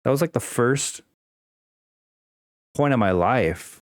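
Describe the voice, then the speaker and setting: A young man rambles through an unscripted personal rant, full of fillers, restarts and casual swearing. His voice leaps high and drops low as he talks. The sound is close and dry, with no room echo. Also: animated, takes it slowly. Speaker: vlogger.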